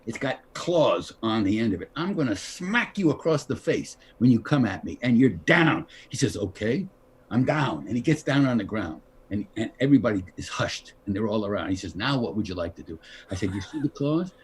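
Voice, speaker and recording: An older actor telling a story over a video call, animated, acting out the lines of the people in his story. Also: fairly low pitch, fairly quick, slight background noise. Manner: animated, acts out quoted dialogue. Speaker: guest actor. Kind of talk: anecdotal storytelling.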